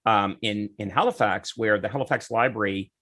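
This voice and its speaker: A man's voice: fairly low pitch, normal speed. A man chatting as a podcast guest, telling anecdotes and acting out the people in them. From Canada. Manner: animated, acts out quoted voices in anecdotes. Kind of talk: casual storytelling chat.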